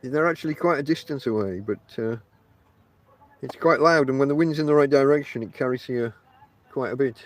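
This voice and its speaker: A brisk, medium-pitched man from Barnsley, South Yorkshire, hosts a casual podcast monologue from inside a tent outdoors. In his Northern English accent he rambles chattily, speaking straight to listeners with many fillers.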